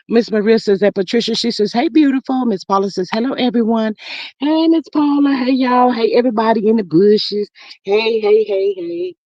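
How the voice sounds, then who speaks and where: A woman hosting a casual livestream, greeting viewers and reading their comments aloud in a lively, sassy way. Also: fairly high pitch, normal speed, no echo, dull audio. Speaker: livestream host.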